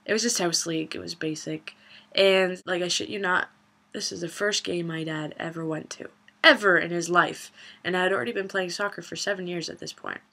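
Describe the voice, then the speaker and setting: A woman's voice: lowish voice, fairly even intonation, fairly quick, gravelly, sharp tone. A young woman vlogging a funny personal story in a casual, chatty way, swearing and laughing as she goes.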